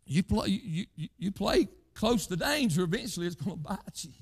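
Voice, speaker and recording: An older man preaching a fervent sermon, peppering lines with "hey" and breaking into shouts. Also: sits high, lively intonation, normal speed, vocal fry, few pauses.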